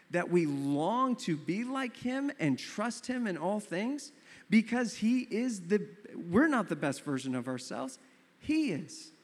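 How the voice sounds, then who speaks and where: A young adult man preaching a sermon as pastor, telling stories in an animated way and acting out his own surprise. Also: sits high. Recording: long reverb of a hall.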